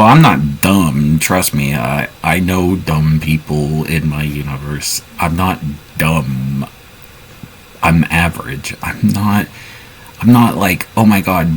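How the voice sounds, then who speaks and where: A man's voice: very deep voice, slow, a little hiss or hum, low-quality recording. A man improvising his part in a casual role-play, hesitant and full of restarts. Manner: hesitant, many restarts and fillers.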